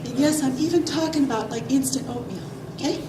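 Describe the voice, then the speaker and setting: A woman's voice: sits high, brisk. A woman physical trainer, a little out of breath, teaching kids and adults about healthy eating in an upbeat, coaxing way full of questions. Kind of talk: health talk to kids and families. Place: large hall with an audience. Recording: roomy echo, far from mic, loud crowd noise.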